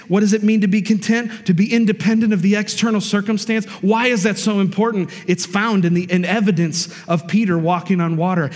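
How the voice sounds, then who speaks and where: A male pastor preaching a sermon with emphasis, breaking off for "amen" and "come on" asides to the congregation. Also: high-pitched. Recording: long reverb of a hall.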